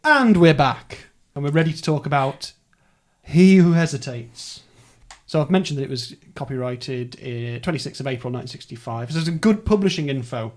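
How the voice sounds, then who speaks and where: A man's voice: a little high, normal speed, darkish tone. A man hosting a casual podcast chat, rambling through details in a chatty way. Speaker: podcast host. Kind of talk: casual book-club chat.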